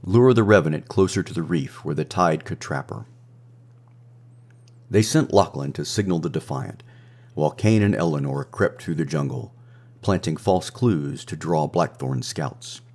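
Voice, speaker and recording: A man narrating a scripted romance adventure story in a measured, dramatic way. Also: rumbling low, darkish tone. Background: faint music.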